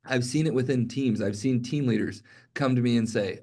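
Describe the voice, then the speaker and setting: Energetic man coaching sales reps. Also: medium pitch, moderate pace. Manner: energetic, conversational, direct address with frequent "okay?". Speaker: sales team trainer. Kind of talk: motivational sales training talk.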